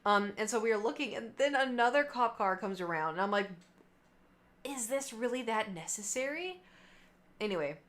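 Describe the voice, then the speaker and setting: A woman's voice: fairly high pitch, moderate pace. A young woman telling a long story casually to her stream chat, acting out the people in it with lots of fillers. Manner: chatty, animated quoting of others, many fillers.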